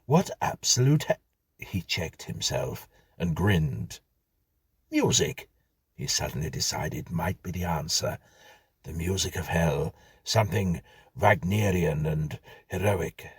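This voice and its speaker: A man reading a whimsical story aloud in a measured, dry-humored manner. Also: deep voice, breathy edge, no room sound. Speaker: narrator. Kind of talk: scripted storytelling.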